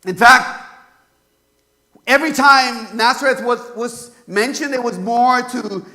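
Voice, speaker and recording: A man from California preaches in an unusually high voice with a bright, forceful edge. He talks conversationally, with lots of fillers and rhetorical questions aimed at the congregation. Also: slow pace. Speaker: pastor. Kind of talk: sermon.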